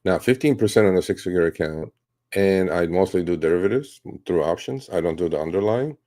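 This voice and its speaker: A man's voice sits very low, with a dark, mellow tone. He talks in a blunt, rambling way, restarting sentences and swearing as he answers viewers in a casual live stream. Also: lively intonation, a little fast. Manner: blunt, rambling, profane, mocks reckless traders. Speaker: host answering viewer questions on trading.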